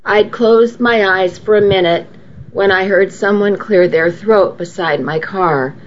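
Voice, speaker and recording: A woman reading a first-person story aloud, unhurried and now and then correcting her slips aloud. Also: mid-range voice, lo-fi sound, slight background noise. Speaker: reader.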